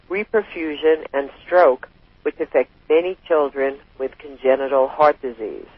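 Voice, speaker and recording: A man's voice: on the high side, dry recording. Man hosting a talk show, lo-fi. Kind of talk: reading a guest introduction, then interviewing.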